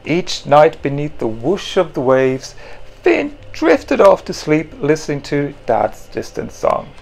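An author reads his picture book aloud to children, animated and playful, swooping through a wide range of pitch. He reads at a slow pace with a gravelly texture. Soft music plays faintly behind him. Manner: animated and playful, adds sound effects. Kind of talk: children's storybook reading.

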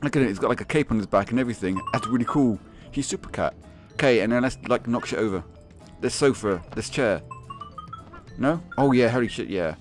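A young man giving excitable, swearing commentary on a game, laughing often and yelping in high squeaks. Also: a little fast, faint music behind. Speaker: gaming video host.

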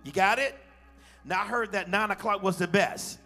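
Male pastor, high gravelly voice, call-and-response sermon, live church stream with music. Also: normal speed, sharp tone. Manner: call-and-response preaching, sings phrases. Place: large church.

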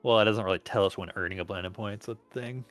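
A man's voice: lowish voice, quick pace, faint music behind. A man hosting and reading aloud an interactive story game, casual, stumbling over words and laughing along.

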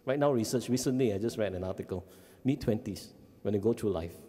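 A man with a Singaporean English accent gives a parenting seminar talk as a family life educator, animated and often checking in with the audience. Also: fairly low pitch, fast talker. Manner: animated, acts out kids' voices, frequent "okay?" checks. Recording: long hall reverb.

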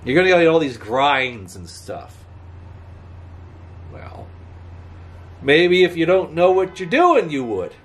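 Vlogging outdoors beside a road, a man rambles casually to the camera, chuckling and chatting and even talking back to passing traffic. His voice is fairly high with big pitch swings, and he takes it slowly with long pauses. Faint outdoor ambience and passing cars fill the background.

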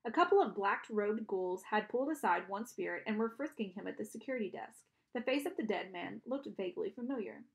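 A woman's voice: mid-range voice, expressive, a little fast, creaky, few pauses. A woman reading a storybook aloud, narrating and voicing the characters, with small restarts and self-corrections. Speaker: audiobook reader.

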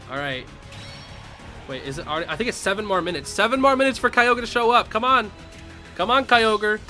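A young man calls out his own matches on stream, excitable and full of slangy trash talk. His voice sits high and bright and leaps all over the place. Game music plays faintly behind him. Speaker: gaming streamer. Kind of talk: live gameplay commentary.

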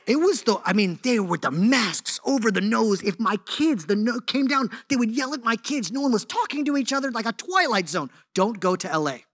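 A man giving a sermon as a guest speaker, telling stories in an animated, conversational way with lots of casual fillers. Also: very high-pitched, normal speed, few pauses, no room sound, studio quality. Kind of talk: storytelling sermon.

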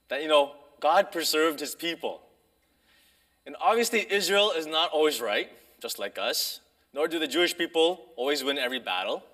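Bright-voiced man preaching a sermon. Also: fairly high pitch. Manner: conversational, pausing, restarts with fillers. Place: church sanctuary.

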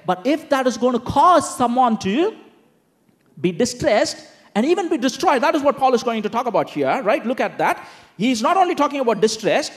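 A man with a very high voice preaches a sermon fairly quickly, explaining scripture in a conversational way. His animated delivery is full of asides, rhetorical questions, and frequent "you know" and "okay?".

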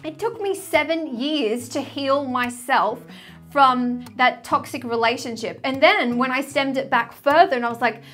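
A woman in her thirties with a high, light voice speaks earnestly and openly to her viewers as a spiritual coach. She sounds confessional and sincere, and soft music plays underneath. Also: a little slow. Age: 30s. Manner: heartfelt, confessional, repeats "literally". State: tearful, choked up. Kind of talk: personal vlog talk to camera.

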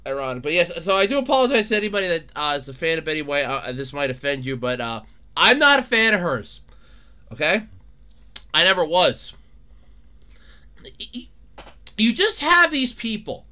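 A young man hosting a solo podcast, chatting casually, excitable, often laughing and shouting. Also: a little high. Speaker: podcast host.

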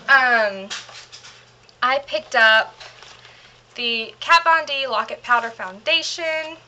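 A woman's voice: fairly high pitch, slow, pauses often, sharp tone, a little hiss or hum. A young woman chatting through a makeup haul, gushing and rambling with lots of fillers, a little out of breath as she hurries. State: slightly out of breath, hurrying. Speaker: beauty vlogger. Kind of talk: casual chatty product haul.

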